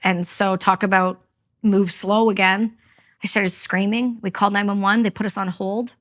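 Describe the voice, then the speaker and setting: A Canadian woman, a veteran appearing as a podcast guest, tells her personal story in an interview. Her medium-pitched, fairly bright voice moves at normal speed with fairly even intonation, and she speaks candidly and emphatically, acting out what other people said.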